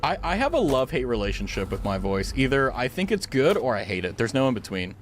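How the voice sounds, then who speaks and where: Rambling young male streamer, lively voice. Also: mid-range voice, fast talker, slight background noise. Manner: rambling, filler-heavy, giggly. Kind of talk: casual gaming stream chat. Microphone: studio dynamic mic.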